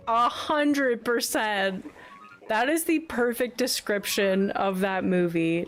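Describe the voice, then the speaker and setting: Slow-talking young woman streamer, gushing. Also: a little high. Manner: animated, gushing, giggly. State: sniffly, eyes watering. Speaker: livestream host. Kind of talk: casual chat with live chat. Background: soft background music.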